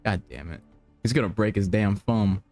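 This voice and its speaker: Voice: low voice, normal speed, a little mellow, faint music behind. A player in a tabletop game giving bossy instructions and teasing the others.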